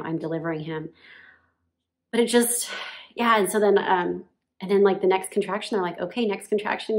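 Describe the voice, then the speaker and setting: Give me a woman with a gravelly fry in her voice, chatting through her story while she nurses her baby. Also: medium pitch, darkish tone. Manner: chatty, lots of "like", laughs often. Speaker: new mother telling her birth story. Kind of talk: casual personal storytelling.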